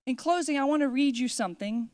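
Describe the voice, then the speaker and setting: A woman pastor preaching a sermon in a church, emphatic, building repeated declarations and slowing down to give words weight. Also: high-pitched, a little mellow, no room sound, studio quality.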